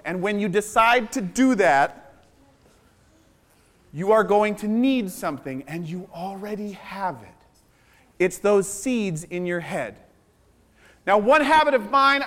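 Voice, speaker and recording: A man speaking as a visiting children's author at a school assembly, telling an adventure story in a playful, animated way to the children. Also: high-pitched, measured pace.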